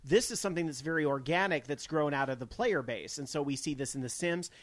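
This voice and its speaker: A man's voice: a little high, fast talker, no echo. A man hosting a gaming news stream, talking casually and rambling with fillers and restarts. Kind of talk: casual chat. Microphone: studio microphone.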